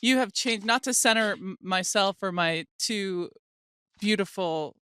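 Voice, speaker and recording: A woman's voice: medium pitch, unhurried, background noise. A woman co-hosting a podcast who praises her guest effusively and swears for emphasis. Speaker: podcast co-host. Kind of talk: casual chat.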